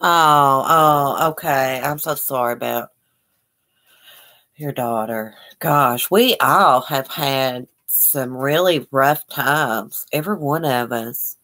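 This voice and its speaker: Her voice is extremely low yet a bit bright, and she speaks slowly. She's hosting a casual livestream, reading viewers' comments aloud and replying sympathetically in a folksy, chatty style.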